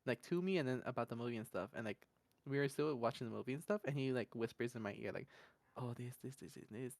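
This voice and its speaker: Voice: mid-range voice, fast, darkish tone, no echo. Rambling, laughing podcast storyteller. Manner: rambling, laughs often, fills gaps with "da, da, da"; slangy and blunt. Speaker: podcast host. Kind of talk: casual storytelling chat.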